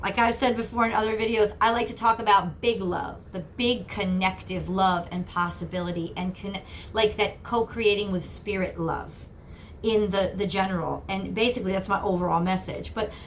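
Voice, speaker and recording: A woman's voice: medium pitch, fairly even intonation, normal speed, slight background noise. A woman giving an earnest, encouraging channeled tarot reading, often repeating herself. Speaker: tarot reader.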